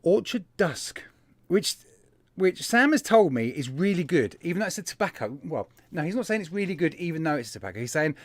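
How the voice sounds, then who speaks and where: Hosting a vaping live stream, a man chats in a casual, upbeat way and greets his viewers one by one. His voice is a little high, very animated and fast, with no echo.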